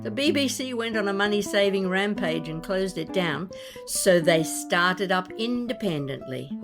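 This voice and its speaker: A woman's voice: mid-range voice, expressive, normal speed, music in the background, natural voice. A woman playing a chatty waiting-room patient. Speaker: actor in a listener's mini radio drama. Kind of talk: amateur radio drama acting.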